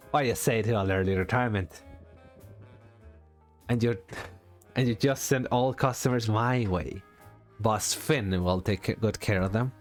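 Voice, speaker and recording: A man voicing a cocky male loan-shark businessman who is smug and taunting, with drawn-out threats in a game read-aloud. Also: on the low side, lightly acted.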